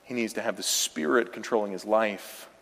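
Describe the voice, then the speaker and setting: A man's voice: on the low side, moderate pace, gravelly, fairly bright tone. Emphatic male pastor in a reverberant church. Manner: emphatic, direct exhortation. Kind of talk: sermon. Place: church sanctuary. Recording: long reverb of a large church hall.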